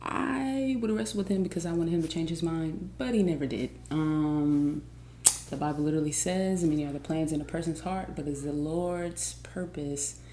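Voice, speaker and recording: A woman hosting a faith podcast, energetic and chatty, teaching from scripture with excited exclamations. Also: low-pitched, normal speed, a little hiss or hum. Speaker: podcast host. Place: home studio on camera.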